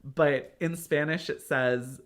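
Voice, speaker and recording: A man's voice: on the high side, steady tone, slow pace, fairly bright tone. A man co-hosting a podcast in casual chat, telling rambling, self-deprecating stories and laughing often between phrases. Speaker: podcast co-host.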